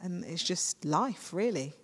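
Lower-voiced woman in a reverberant room. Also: measured pace, breathy edge. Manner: searching, self-interrupting, animated when amused. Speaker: podcast guest, ministry leader. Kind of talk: casual faith conversation. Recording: long reverb.

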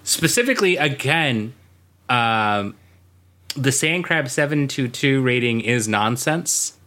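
A man's voice: medium pitch, lively intonation, takes it slowly, pushed and bright. A man co-hosting a podcast in casual chat, rambling and laughing at his own jokes. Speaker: podcast co-host.

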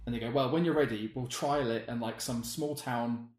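A man's voice: medium pitch, moderate pace, darkish tone, reverberant. A man chatting casually on a podcast, rambling and self-deprecating. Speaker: podcast co-host. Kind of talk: casual chat.

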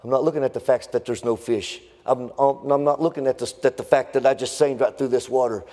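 A man preaching a sermon, building into a fervent, sing-song, near-shouting cadence. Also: medium pitch, steady tone, fairly quick. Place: church sanctuary. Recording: long reverb in a church hall.

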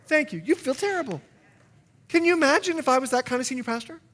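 A middle-aged man, a pastor, preaching a sermon in an animated way, now and then acting out short exchanges in a low growl. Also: fast talker. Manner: animated, acts out dialogue with sudden drops to a low growl.

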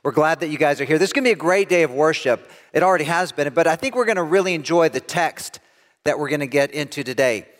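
A middle-aged man pastor preaching a sermon, telling a self-deprecating story with lively, animated delivery. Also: a little high, fast talker, big-room sound. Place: church sanctuary.

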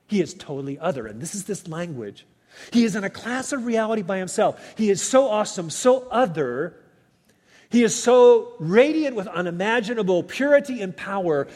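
A male pastor delivering a sermon in a fairly high voice that swings widely up and down. He preaches with lively emphasis and asks his listeners rhetorical questions. The recording carries a long hall reverb. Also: husky. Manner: animated preaching, sweeping pitch, rhetorical questions.

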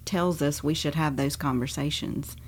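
Lady with a lowish voice chatting, friendly, laughs a lot. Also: steady tone, moderate pace, slightly rough. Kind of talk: casual chat.

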